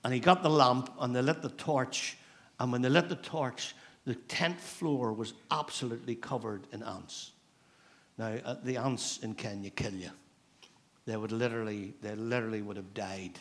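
A man's voice: mid-range voice, steady tone, moderate pace, fairly bright tone. A middle-aged man with a Northern Irish accent, a pastor preaching a sermon in a church in a conversational storytelling manner, repeating phrases for emphasis.

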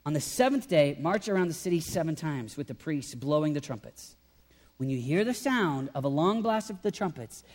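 A man preaching a sermon as pastor, talking in an animated way and swinging from loud emphasis to quiet intensity. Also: on the high side. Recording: long hall reverb.

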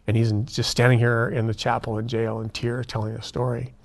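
A man, a prison minister and guest, telling a story in an earnest, animated way and acting out the dialogue. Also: mid-range voice, a little fast, creaky. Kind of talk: conversational storytelling.

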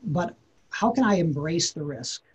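A man's voice: fairly high pitch, lively intonation, unhurried, breathy edge, rough recording. A man, a podcast guest, telling a personal story in an earnest, reflective way, often repeating words as he thinks.

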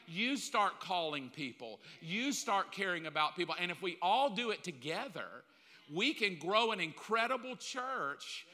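Bright-voiced pastor in his fifties. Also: sits high. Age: 50s. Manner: candid, joking, acts out little scenes. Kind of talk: sermon. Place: large church hall. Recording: long hall reverb.

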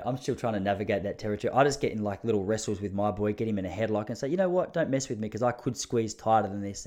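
A man's voice: mid-range voice, a little mellow. Rambling man, solo podcast. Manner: rambling, self-mocking, laughs at own jokes. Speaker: podcast host. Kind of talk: casual solo monologue.

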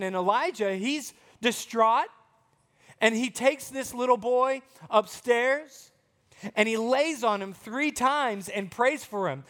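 A man with a very high voice tells a Bible story to a group of children. He keeps it chatty and playful and speaks straight to the kids as he goes. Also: slow, fairly bright tone.

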